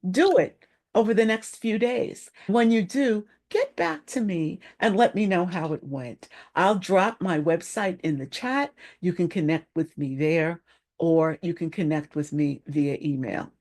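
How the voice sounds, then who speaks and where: Lady coach talking leadership on a livestream, low-ish voice, real slow and measured. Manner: slow, deliberate delivery with planned pauses. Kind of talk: live-stream talk.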